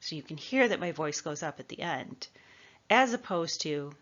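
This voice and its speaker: A woman's voice: low-pitched, expressive, a bit bright, dull audio. Woman from the Midwest coaching presenters. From American Midwest. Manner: clear, measured coaching delivery. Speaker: presentation skills trainer. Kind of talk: instructional talk.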